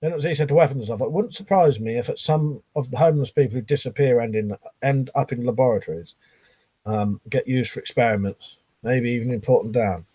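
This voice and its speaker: A man's voice: mid-range voice, fairly quick, mellow, husky, highs cut off. A middle-aged man chatting casually on a live stream, reading out viewer comments and rambling, swearing freely.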